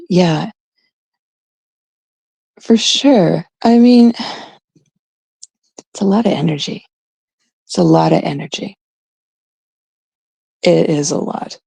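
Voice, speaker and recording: A woman's voice: lowish voice, expressive, slow, creaky, pauses often, dark tone, breathy edge, no room sound. A woman from Canada talking casually on a livestream, aggrieved and emphatic, repeating her points.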